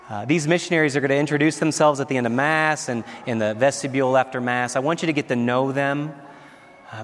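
A man in his forties, a priest giving an earnest homily at Mass, often chuckling between phrases. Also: medium pitch. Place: large church. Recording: echoey church with long reverb.

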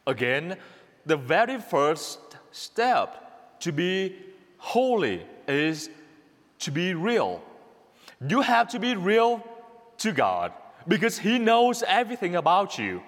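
The long reverb of a church hall surrounds a man from Vietnam giving a homily in a high, somewhat bright voice. The priest, speaking with a Vietnamese accent, repeats himself earnestly and occasionally laughs at himself.

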